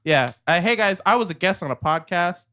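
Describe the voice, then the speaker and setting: A man's voice: high-pitched, animated, a little fast, bright, forceful tone, soft background music. A young man co-hosting a casual podcast, easygoing and agreeable, often trailing off mid-sentence. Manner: laid-back, agreeable, lots of "yeah" and trailing starts. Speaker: podcast co-host. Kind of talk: casual chat.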